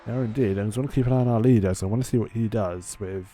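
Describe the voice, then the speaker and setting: A man's voice: on the low side, rapid-fire, warm tone, slight background noise. A man commentating a sim race, chatty and reacting to the on-track battles.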